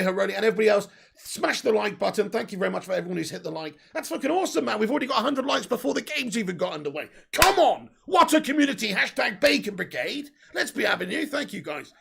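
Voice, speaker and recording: A man with a sore throat, hosting a live football watch-along and reading out viewer comments in an excitable way. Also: high voice, fast talker, gravelly, husky. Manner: excitable, swears, bursts into cheers.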